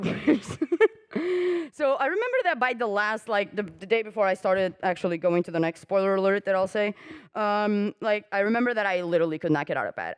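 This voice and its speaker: Chatty, animated woman giving a conference talk. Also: medium pitch, smooth. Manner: chatty, frequent "like" fillers, self-mocking. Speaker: conference speaker. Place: conference hall.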